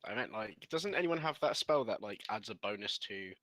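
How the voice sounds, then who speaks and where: A man's voice: on the low side, animated, fairly quick, bright, forceful tone, no room sound, low-quality recording. A man playing in an online tabletop game, giggly and scattered, often losing his train of thought. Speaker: player. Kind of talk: casual chat during an online game.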